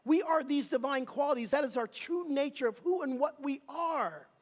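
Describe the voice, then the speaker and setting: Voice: sits high, expressive, normal speed, long reverb tail. A minister preaching a sermon, emphatic and rhythmic, leading the congregation in call and response. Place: church sanctuary.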